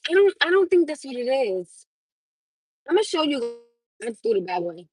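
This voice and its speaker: A woman in her thirties hosts a livestream, telling viewers a casual story while laughing often and swearing. She's animated, her voice sits high, and she speaks at normal speed on a rough recording.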